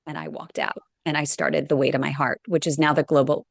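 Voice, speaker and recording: A woman's voice: low voice, fairly even intonation, brisk, creaky, few pauses, no echo. A woman on a discussion panel, the founder of an advocacy group, telling a personal story in a heartfelt, emotional way. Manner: heartfelt, emotional, tearing up at times.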